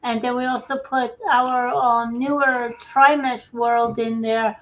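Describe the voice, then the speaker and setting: A woman's voice: on the high side, little pitch movement, slow pace. A woman co-hosting a casual radio chat, matter-of-fact as she shares updates. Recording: dull lo-fi audio.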